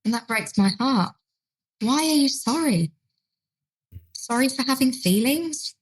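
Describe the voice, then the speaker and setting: A woman's voice: sits high, lively intonation, measured pace, husky, rough recording. A woman, a dementia trainer telling a care story in a podcast chat and acting out the quoted voices. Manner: acts out carers' and residents' lines in quoted voices.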